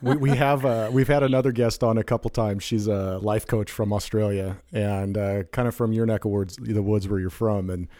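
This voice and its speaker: A man's voice: fairly low pitch, flat delivery, brisk, few pauses, mellow, dry recording, studio quality. A man co-hosting a podcast in easygoing, joking casual chat. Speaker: podcast co-host.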